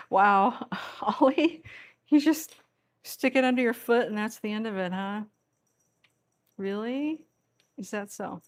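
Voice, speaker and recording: A woman's voice: fairly high pitch, takes it slowly, pauses often. A woman at home filming her rescue cats on a tripod camera, teasing them playfully and laughing often as she talks to them. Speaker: cat rescue vlogger. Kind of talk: casual talk to cats during play. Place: indoor room with cats.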